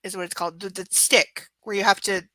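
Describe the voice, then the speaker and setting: A woman hosting a live book reading stream, chatting casually with her viewers in a halting way, full of fillers and restarts. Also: mid-range voice, fairly even intonation, sharp tone, no echo, poor audio. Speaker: livestream host reading a book.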